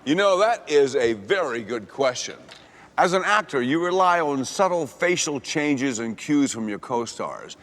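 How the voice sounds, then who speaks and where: A man doing an impression of a famous male actor, calm, humble and earnest, in a comedy sketch. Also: medium pitch, measured pace, in a large hall.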